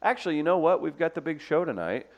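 A man's voice: on the high side, sing-song, fast, lo-fi sound. A man hosting a live radio show, joking around in casual banter with his co-hosts. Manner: joking, laughs often, playful.

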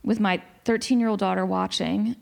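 A woman in her forties in a casual discussion, telling a story in an animated way with many restarts. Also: medium pitch, moderate pace, gravelly.

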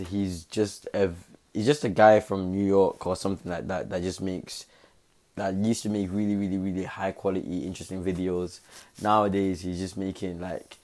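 A man's voice: deep voice, mellow. Slangy young man rambling. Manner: rambling, slangy, fillers like innit. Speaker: content creator. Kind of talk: casual commentary.

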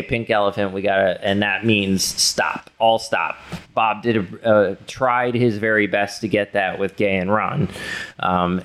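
A man talking casually with his partner, rambling with many fillers and restarts and swearing freely. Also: lowish voice. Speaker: partner in a couple's talk.

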